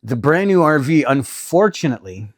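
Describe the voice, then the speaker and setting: A man's voice: on the high side, very animated, moderate pace, no room sound, clean studio sound. A middle-aged man, talking casually to camera about RV costs in a chatty, exasperated, self-deprecating way. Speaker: RV vlogger. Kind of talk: casual vlog talk.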